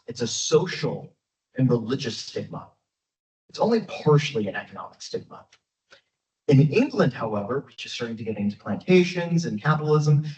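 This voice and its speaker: A man gives a public history lecture in a conversational way, often stopping on fillers. His pitch rises and falls a great deal. The sound is dull and roomy, picked up from a distance in a large hall. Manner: lively, conversational, frequent fillers. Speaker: guest speaker, history lecturer. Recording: echoey, dull, from far off.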